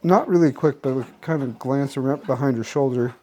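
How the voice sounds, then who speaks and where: A man's voice: medium pitch, a little fast, dark tone, a little hiss or hum. A young man casually recapping his day for a vlog, rambling with many restarts and fillers. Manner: rambling, restarts often, filler-heavy storytelling. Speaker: vlogger.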